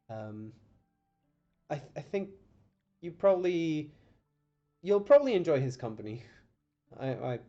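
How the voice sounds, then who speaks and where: A man narrates a tabletop game as game master, his tone dark and mellow. He stops and restarts often, filling gaps with ums. The stream audio is dull and lo-fi, with faint music underneath. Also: on the high side. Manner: hesitant, many ums and restarts.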